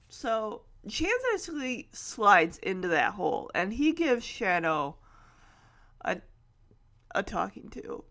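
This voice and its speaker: A woman retelling a film in an emotional, halting way, full of restarts. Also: mid-range voice, very animated, a bit bright.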